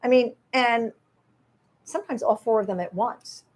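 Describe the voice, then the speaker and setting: A woman in her sixties, an author being interviewed at a live event, telling her story in an animated way and acting out quoted exchanges. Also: on the high side, normal speed. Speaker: author and guest.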